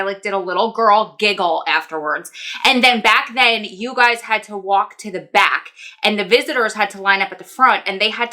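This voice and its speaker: A woman telling a story in a casual vlog, chatty and self-deprecating, talking in quick animated bursts. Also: mid-range voice. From New Jersey. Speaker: vlogger, wife of an inmate.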